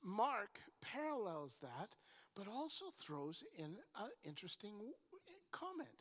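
A woman preaching a sermon, telling the story with animated energy and often repeating words as she starts a thought. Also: mid-range voice, measured pace. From Canada. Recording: long reverb in a large hall.

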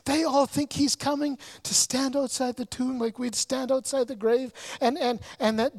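A man's voice: very high-pitched, fairly even intonation, moderate pace, gravelly, few pauses. A male pastor preaching a sermon, telling a story earnestly and often stumbling over repeated words.

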